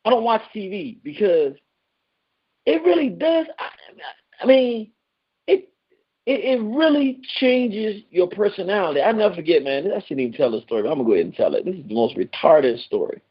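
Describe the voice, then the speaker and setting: Animated male radio host, lo-fi sound. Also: a little fast, husky. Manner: animated, jumps high in pitch when excited. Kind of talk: call-in radio talk.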